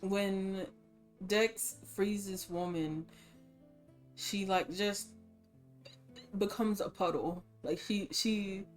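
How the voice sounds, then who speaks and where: A woman's voice: mid-range voice, steady tone, drawn-out words, pauses often, faint music behind. A woman narrating as game master, telling the scene loosely with fillers and laughs.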